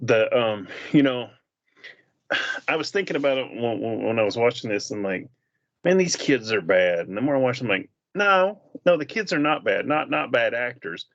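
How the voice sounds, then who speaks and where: A man's voice: medium pitch, expressive, moderate pace, fairly bright tone. A man chatting casually in a film review, retelling scenes and acting out the characters' lines. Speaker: movie reviewer. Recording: dull lo-fi sound.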